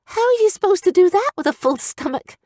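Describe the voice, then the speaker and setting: A woman voicing an earnest young girl who speaks high and urgently, in a storybook audiobook. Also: very animated, brisk, a little mellow, no echo, studio quality. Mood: alarmed.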